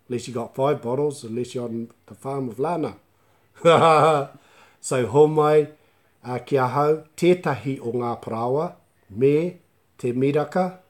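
A man teaching Māori in a relaxed live online class, mixing Māori words into chatty English and joking with viewers. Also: mid-range voice. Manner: laughs easily and jokes with viewers.

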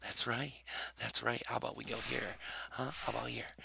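A man's voice: medium pitch, flat delivery, moderate pace, creaky, sharp tone, slight background noise. A man playing a video game and commenting as he goes, taunting and cursing at his opponents, often in a muttered half-whisper. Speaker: gamer. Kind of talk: gameplay commentary.

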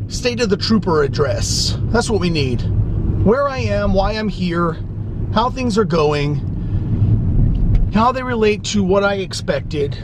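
A man's voice: high-pitched, expressive, a little slow, background noise. A young man vlogging in a casual, rambling way, swearing often and filling his talk with "like". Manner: laid-back, profane, rambling with many "like" fillers. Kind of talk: casual vlog chat. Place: outdoors, in his car and indoors at home. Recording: roomy camera audio.

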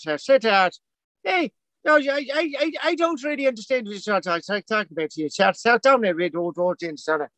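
A man's voice: high-pitched, pushed and bright, no echo. A man putting on a cheeky, rambling stage Irishman, playful and stammering in a sing-song comic way.

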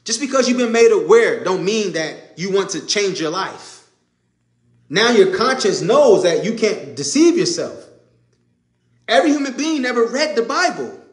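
A man's voice: high-pitched, big pitch swings, moderate pace, reverberant. A man preaching an informal sermon, emphatic and conversational, repeating his points. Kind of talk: informal sermon to a live audience.

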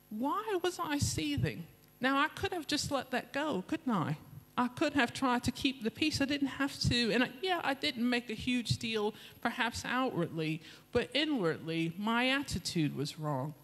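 A woman's voice: on the high side, long reverb tail. A woman preaching as a guest speaker with an English accent, telling a confessional story from her own life and acting out the voices in it. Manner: confessional, animated storytelling with acted-out quotes. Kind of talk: sermon with personal story. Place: church hall.

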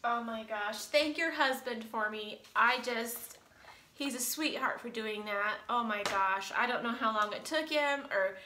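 A woman's voice: fairly high pitch, measured pace, sharp tone, reverberant, slight background noise. A woman vlogger opening fan mail in casual chat, gushing and emotional, close to tears.

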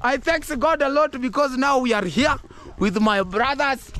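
High-voiced excited Kenyan man vlogging. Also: measured pace. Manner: excited, rambling, mixes English and Swahili, laughs often. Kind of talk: casual vlog talk to camera. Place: outdoors in a rural village.

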